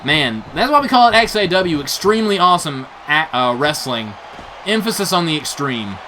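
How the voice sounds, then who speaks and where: Animated young man calling wrestling play-by-play. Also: a little high, normal speed, slight background noise. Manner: animated, gasping "oh no" reactions, laughs often. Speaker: play-by-play commentator for a video game wrestling show. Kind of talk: excited play-by-play commentary.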